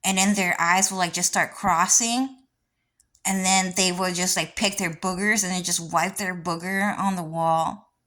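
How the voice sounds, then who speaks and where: A woman's voice: fairly low pitch, fairly even intonation, a little slow, bright, forceful tone. A woman vlogger talking in a casual, rambling monologue with many restarts and frequent swearing.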